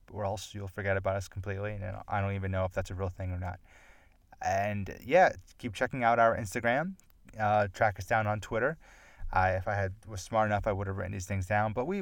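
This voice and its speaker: Rambling low-voiced podcast host man. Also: no echo. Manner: rambling, digressive and self-deprecating. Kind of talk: casual solo chat.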